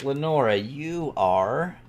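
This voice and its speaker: A man running a tabletop game as game master, halting and full of fillers. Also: medium pitch, animated, a little hiss or hum.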